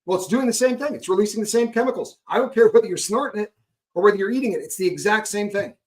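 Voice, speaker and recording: A middle-aged man speaking candidly and emphatically, his voice sitting a little high for a man. He hammers points home with repeated rhetorical checks. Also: fast talker, a little mellow. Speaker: guest speaker on recovery. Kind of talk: candid conversational talk.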